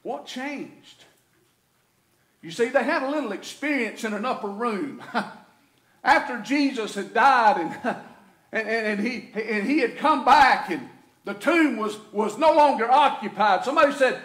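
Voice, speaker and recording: A man with a Southern US accent preaching a sermon as pastor, folksy and swinging between loud and quiet. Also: very high-pitched, expressive, a little slow. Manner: folksy preaching, rising and falling in intensity. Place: church sanctuary. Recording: echoey church room.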